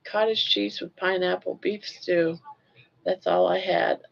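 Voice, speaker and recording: An older woman hosting a casual live chat, chatty and unhurried, who coos at her pet in a doting voice. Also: on the low side, fairly even intonation, creaky, highs cut off. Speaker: livestream host.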